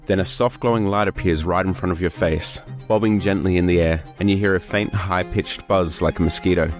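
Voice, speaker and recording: A man's voice: low-pitched, steady tone, brisk, soft background music. A man narrating a scene as game master in a tabletop game.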